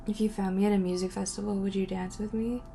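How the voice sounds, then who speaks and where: Gravelly-voiced woman chatting casually. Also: mid-range voice, little pitch movement, quick pace, slight background noise. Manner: rambling, giggly, self-interrupting, often trailing into soft whispers. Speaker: vlogger answering viewer questions. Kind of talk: casual solo Q&A chat. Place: at home by a window.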